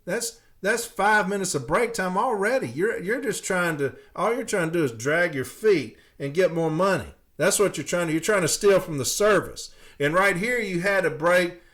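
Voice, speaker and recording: A man's voice: high-pitched, animated, moderate pace, hardly any pauses, a bit bright, pitched above the performer's own voice. A man voicing a nagging mail supervisor. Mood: accusing. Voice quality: nagging, accusing. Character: scolding male mail supervisor, pushy and suspicious.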